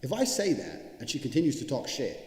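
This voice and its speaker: A man delivering a motivational monologue, blunt and profane, with hard emphasis on his points. He talks quickly and his voice rings with a long, roomy reverb. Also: mid-range voice, wildly swooping pitch, darkish tone. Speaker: motivational speaker. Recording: echoey, reverberant room sound.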